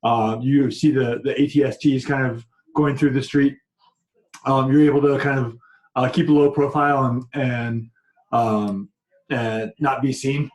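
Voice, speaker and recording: Halting man running a tabletop game. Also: mid-range voice, fairly even intonation, muffled recording. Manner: halting, many fillers and restarts. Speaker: game master. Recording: roomy echo.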